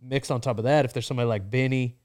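A man in casual conversation, relaxed and reflective, recalling a nervous phone call with a boss and using lots of "you know.". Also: medium pitch, racing. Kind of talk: casual chat.

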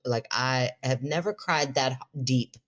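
A woman's voice: extremely low pitch, takes it slowly. A middle-aged woman co-hosting a podcast, telling a story in casual chat, laughing often and acting out what people said. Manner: animated storyteller, laughs often, quotes herself in a raised voice. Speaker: podcast co-host.

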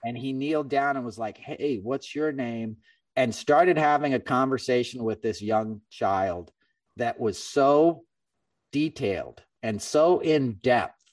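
A middle-aged man hosting a podcast, telling a story in a casual, animated way and acting out other people's lines. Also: medium pitch, slow, dry recording, recorded from a distance. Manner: animated, acts out quoted voices. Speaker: podcast host.

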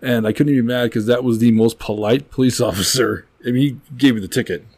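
A podcast host chatting casually and joking with crude banter. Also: male voice, medium pitch, fast talker, a little mellow, dry recording. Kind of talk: casual chat.

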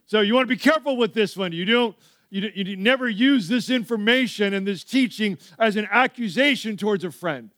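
A male pastor preaching a sermon, telling stories with lively asides to the church. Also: sits high, brisk, dry recording, studio quality. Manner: animated storytelling with frequent asides.

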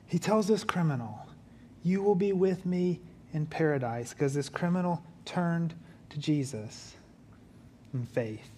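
A pastor preaching a sermon, moving between quiet, low emphasis and lively, humorous, conversational asides. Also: male voice, measured pace, slight background noise.

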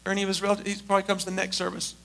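A man's voice: high voice, monotone, racing, vocal fry, a bit bright. A middle-aged male pastor preaching a sermon at a church service, emphatic and mixing in humorous storytelling.

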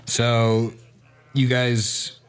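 A man's voice: medium pitch, monotone, very slow, smooth. A man narrating a tabletop role-playing podcast as game master, loose and joking, laughing often.

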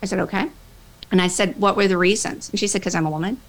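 A woman workplace trainer giving a motivational talk, animated, acting out both sides of the conversations she tells. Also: medium pitch, fast talker, rough recording. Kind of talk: motivational talk with acted-out dialogue.

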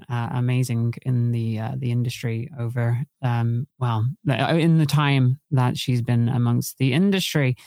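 Male podcast host, gravelly, giggly and self-deprecating. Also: mid-range voice, a little mellow, dry recording, clean studio sound. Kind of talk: live-streamed podcast chat.

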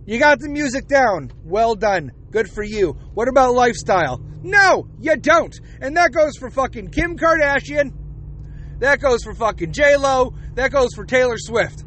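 A man's voice: extremely high pitch, animated, unhurried, a bit bright, a little hiss or hum. A man in his forties hosting a podcast, ranting bluntly with plenty of swearing. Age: 40s. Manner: profane, blunt, heated. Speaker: podcast host. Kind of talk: opinionated podcast rant.

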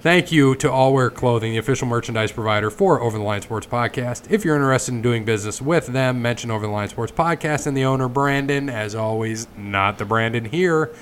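Guy hosting a sports podcast, middle pitch, bit of hiss behind. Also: fairly quick, few pauses. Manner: chatty, reads sponsor plugs. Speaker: podcast host. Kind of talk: casual podcast chat.

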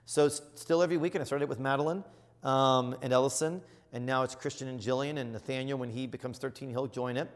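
Earnest middle-aged preacher in a reverberant hall. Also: male voice, medium pitch. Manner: earnest and emphatic, surging to loud exclamations. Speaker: bishop. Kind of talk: sermon-style teaching. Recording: long reverb of a large hall.

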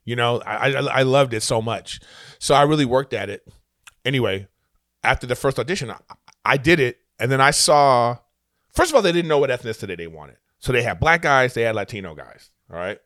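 A man's voice: mid-range voice, a little fast, no echo. Comedian guy telling stories, acts out what people said, mid voice, super dry sound. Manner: animated anecdotes acting out what people said. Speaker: comedian and actor, guest. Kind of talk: casual interview storytelling.

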